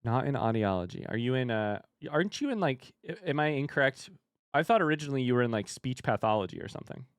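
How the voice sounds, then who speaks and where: Indiana guy streaming a game, chatty, thinks out loud, reads chat, mid voice. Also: medium pitch, animated, fast, clean tone, dry recording. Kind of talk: casual live-stream chat while gaming.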